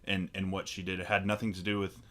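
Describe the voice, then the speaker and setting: A young man with a low but sharply bright, forceful voice, talking through a film review on a podcast. He hedges and restarts often, and turns questions to his co-host. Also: little pitch movement, fast. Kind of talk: casual movie review chat.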